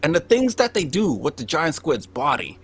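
Animated, swearing young man telling a story. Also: fairly high pitch, normal speed, breathy edge. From Cambodian. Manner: animated, heavy swearing, acts out quotes. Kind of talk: profane comedic storytelling among friends.

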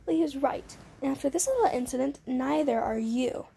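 A woman's voice: sits high, lively intonation, fairly quick, gravelly, mellow. A woman voicing a stern, scheming female kindergarten teacher in a haughty, scolding manner while playing a game. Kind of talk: let's play character reading.

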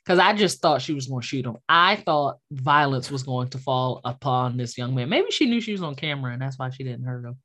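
Her voice is very deep, expressive, and fairly bright, and she talks a little fast with hardly any pauses. This millennial podcast co-host, in her late twenties or thirties, chats casually, telling lively stories, laughing often, and cursing freely.

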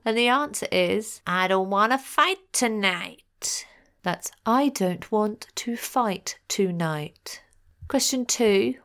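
A woman hosting a podcast and reading out quiz answers in a chatty, playful way with jokey asides. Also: medium pitch. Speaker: podcast host.

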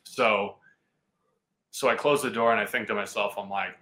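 Guest spot: lower-pitched man with a bright, forceful tone, animated storyteller who laughs often. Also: normal speed, poor audio. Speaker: guest, football player. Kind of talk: casual storytelling on a podcast.

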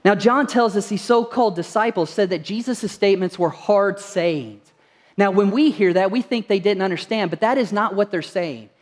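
This pastor's voice sits high and moves fairly quickly with few pauses, carrying big-room acoustics. He is preaching a sermon to his congregation in the church sanctuary, earnestly telling stories and asking rhetorical questions.

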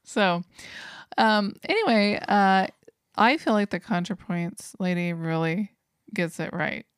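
A woman's voice: medium pitch, takes it slowly, smooth, dry recording, studio quality. A woman co-hosting a podcast in casual chat, playful and chatty, laughing often. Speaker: podcast co-host.

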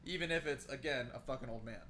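A man's voice: mid-range voice, quick pace, bright, forceful tone, a little hiss or hum. A man co-hosting a podcast in a loose, rambling casual chat, swearing freely. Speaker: podcast co-host.

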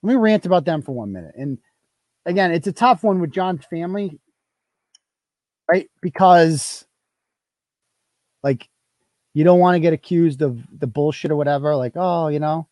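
A man's voice: on the high side, moderate pace, pauses often, darkish tone, no room sound. A man hosting a live show, ranting in heated, profane commentary and repeating himself for emphasis. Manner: heated, swearing, repetitive.

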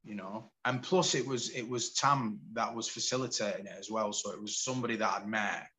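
A man in his forties from the UK, a podcast guest telling his story in candid, animated casual conversation. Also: fairly low pitch, a little fast, low-quality recording. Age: 40s.

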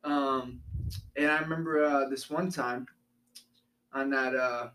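A man's voice: medium pitch, steady tone, slow, bright, forceful tone, far from the mic, poor audio. A young man casually recalling a memory, hesitating with frequent ums and uhs. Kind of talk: casual storytelling chat.

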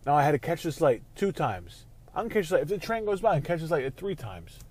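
A man hosting a casual sports talk show from his car while driving, ranting and swearing, quick to flare into angry outbursts. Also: a little high, big pitch swings, darkish tone, breathy edge. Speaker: show host.

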